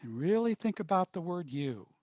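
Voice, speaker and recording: A man leading an online training workshop by video call, coaching in a measured, deliberate way. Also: high-pitched, very animated, a little mellow, no room sound. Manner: slow, measured, coaching delivery. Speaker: workshop facilitator.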